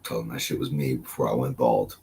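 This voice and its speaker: A man's voice: rumbling low, fairly even intonation, brisk, gravelly, mellow, slight background noise. A man hosting a livestream, dropping loose, joking reaction comments. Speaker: stream host.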